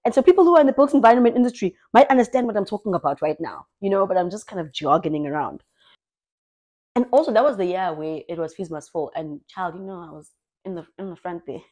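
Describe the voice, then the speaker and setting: A young South African woman telling her own story in an expressive, lively way, as a personal vlog. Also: mid-range voice, fast. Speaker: vlogger.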